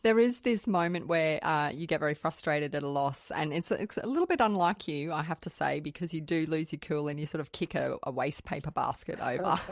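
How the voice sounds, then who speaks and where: Low-voiced woman hosting an interview. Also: animated, moderate pace, no room sound, studio quality. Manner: conversational, asks probing questions. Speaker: podcast host. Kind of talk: interview questions.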